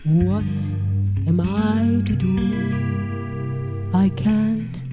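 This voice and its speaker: A woman impersonating a sultry cabaret diva, speaking and crooning very slowly. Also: mid-range voice, steady tone. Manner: slow, languid delivery, croons a cabaret song. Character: sultry German cabaret diva, worldly and languid. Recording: loud guitar accompaniment.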